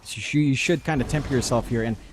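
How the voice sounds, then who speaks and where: A man casts a live video game match, talking fast in a mid-range voice as he breaks down lanes and items in a chatty, analytical way and jokes with his co-caster. Music plays in the background, and there's slight background noise.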